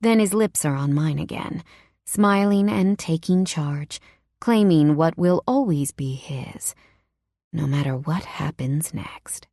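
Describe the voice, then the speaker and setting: Low-voiced woman narrating romance, hushed. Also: slow, no room sound, studio quality. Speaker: audiobook narrator. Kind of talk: first-person romance novel narration.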